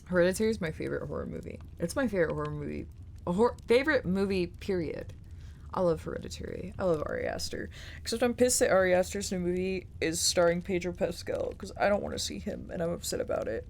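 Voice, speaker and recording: A young woman on a live stream, ranting casually with plenty of swearing and mocking put-on quotes. Her pitch swings widely as she talks, and a faint background ambience sits under her voice. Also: lively intonation, fast talker, vocal fry, a little hiss or hum.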